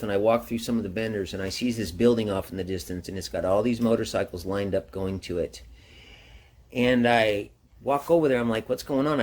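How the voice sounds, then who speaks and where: A man casually telling his own travel story in a rambling, slangy way, getting animated when quoting others. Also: medium pitch. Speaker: motorcycle travel vlogger.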